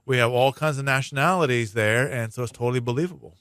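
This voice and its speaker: A man's voice: mid-range voice, quick pace, a bit bright, smooth, dry recording, clean studio sound. A man speaking as a prosecuting attorney guest in a casual radio interview, explaining at length with many fillers and restarts. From Hawaii. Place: radio studio.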